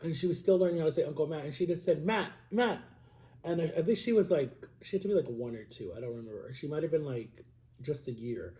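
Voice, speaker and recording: Mellow man rambling in a casual vlog. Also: on the high side, fast. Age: 30s. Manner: rambling, confessional, many "like" fillers. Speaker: vlogger. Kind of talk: casual personal vlog monologue.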